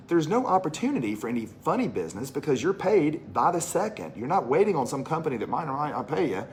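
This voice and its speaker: Lively Southern man giving a pitch. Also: a little hiss or hum. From Mississippi, US. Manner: chatty storytelling, repeats phrases for emphasis. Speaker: presenter of a business opportunity. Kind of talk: animated sales pitch to a live audience.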